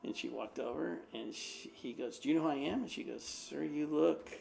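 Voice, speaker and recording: A man's voice: fairly high pitch, normal speed, gravelly, darkish tone, slight background noise. A man, an American pastor, telling a rambling personal anecdote in a casual way, with lots of fillers. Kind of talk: casual storytelling.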